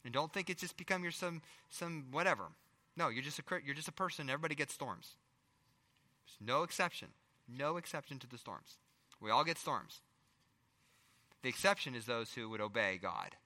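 A middle-aged male pastor preaching a sermon, firing rhetorical questions and swinging between loud emphasis and hushed asides. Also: medium pitch, in a large hall.

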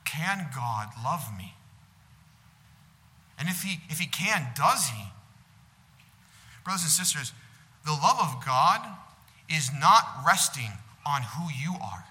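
A man preaching a sermon in a bright, cutting voice that sits a little high for a man. He is earnest, rising to loud peaks and sinking to quiet stretches. The sound rings out with a long hall echo. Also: big pitch swings, takes it slowly, pauses often. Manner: earnest preaching, swells louder on God's love and drops soft on comfort. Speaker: pastor. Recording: echoing hall.

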